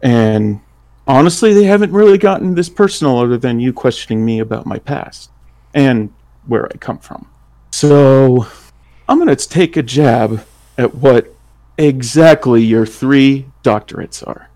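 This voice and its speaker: Man, tabletop game player, rambling, laughs a lot, mid pitch. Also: a little slow. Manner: relaxed, rambling, laughs often. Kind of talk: tabletop role-play.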